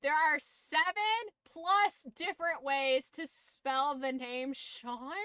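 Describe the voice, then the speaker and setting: A woman streamer in casual chat, blunt and swearing freely, her throat going hoarse. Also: high-pitched, animated, takes it slowly, few pauses, pushed and bright, no echo.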